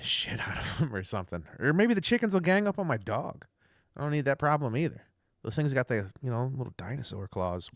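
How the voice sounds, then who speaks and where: A young man with a low voice rambles through a casual livestream rant, chatty and profane. He is recorded close and dry, with no room sound. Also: no room sound. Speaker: livestream host.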